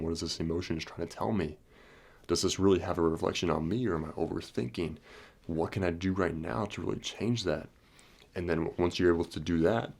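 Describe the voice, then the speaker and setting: A man's voice: deep voice, gravelly. A young man giving a motivational self-help talk, telling a story in an earnest, repetitive way. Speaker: self-help video host.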